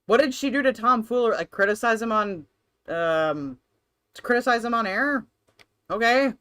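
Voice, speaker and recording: A woman's voice: fairly high pitch, animated, moderate pace, fairly bright tone. A woman streamer reacting on a live stream, blunt, profane and sarcastic.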